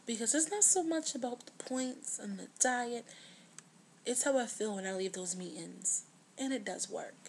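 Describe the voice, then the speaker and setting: A woman in her twenties speaks heartfelt words into her video diary. Her voice carries a steady gravelly fry and sits at an ordinary pitch. Now and then it sinks to a near-hush. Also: slight background noise. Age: 20s. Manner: earnest, heartfelt, drops to a hush at times. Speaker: vlogger.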